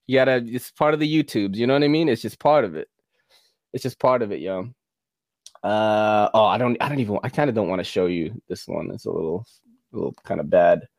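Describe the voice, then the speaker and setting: A man's voice: mid-range voice, no room sound, clean studio sound. A man hosting a casual livestream, chatting loosely, swearing and laughing as he plays clips. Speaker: livestream host.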